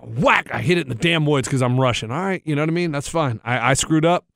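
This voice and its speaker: A man's voice: a little high, fast talker, creaky, a bit bright, no room sound, clean studio sound. A man, podcast co-host, telling a story in a worked-up, ranting, profane way. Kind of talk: casual chat, storytelling.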